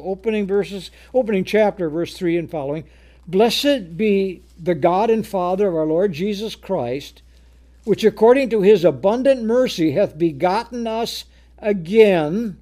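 A high-voiced man gives a sermon, alternating between old-fashioned scripture readings and plain-spoken explanation. Repeating words often, he climbs to loud emphasis whenever he hits a key term.

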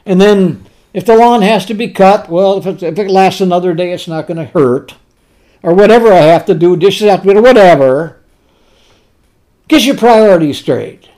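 A man with a high voice preaches a sermon, asking rhetorical questions and answering them himself. On tender words he slows and softens.

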